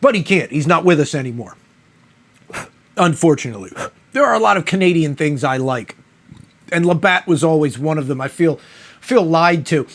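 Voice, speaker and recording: Man, beer reviewer, casual rambling monologue, mock-indignant, swears, slightly high voice. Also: lively intonation, normal speed, pauses often. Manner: mock-outraged, rambling, profane.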